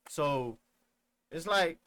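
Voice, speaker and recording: A man's voice: on the high side, expressive, extremely slow, fairly bright tone, no room sound. A young man streaming a reaction, talking casually in slang and rambling through his thoughts. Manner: reflective, rambling, uses slang.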